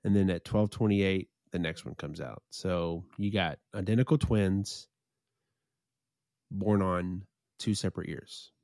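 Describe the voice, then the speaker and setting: Mellow low-voiced man telling stories. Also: unhurried, no room sound, clean studio sound. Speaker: podcast co-host. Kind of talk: casual storytelling chat.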